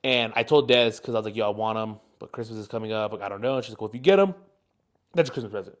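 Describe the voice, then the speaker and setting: A man's voice: lowish voice, fairly even intonation, rapid-fire. A young man in his twenties, co-hosting a podcast and telling a long rambling story with lots of fillers. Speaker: podcast co-host. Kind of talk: casual chat, storytelling.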